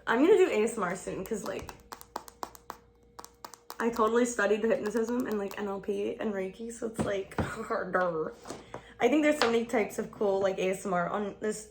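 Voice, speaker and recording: A woman's voice: medium pitch, slight background noise. A woman in her twenties vlogging a casual get-ready-with-me chat, rambling and swearing, saying "like" a lot and laughing often.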